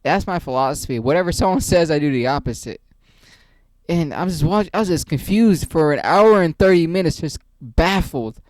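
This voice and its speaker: A man's voice: on the high side, expressive, fairly quick, darkish tone, no room sound. A man hosting his own channel, ranting casually and profanely about a movie, rambling and joking. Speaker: channel host reviewing a movie.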